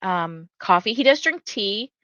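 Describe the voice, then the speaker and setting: A woman in her thirties talks loosely and rambles as she hosts a livestream, reading viewer comments aloud. Her voice sits at a middle pitch. The sound is close and dry, with a slightly muffled, lo-fi edge. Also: expressive, unhurried, pushed and bright, no room sound. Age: 30s. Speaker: livestream host. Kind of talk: casual livestream chat.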